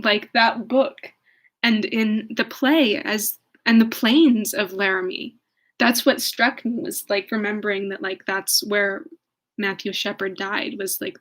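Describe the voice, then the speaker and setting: A young woman reading a novel aloud, then chatting in a casual, thoughtful way, laughing often and trailing off as she searches for things. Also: mid-range voice. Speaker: book reader and commentator.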